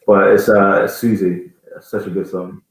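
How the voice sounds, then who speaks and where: Guest singer, man in his thirties from Jamaica, rambling chat, deep voice with heavy room echo. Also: little pitch movement, moderate pace. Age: 30s. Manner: rambling, searching for words, many restarts. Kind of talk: casual interview chat. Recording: very echoey room.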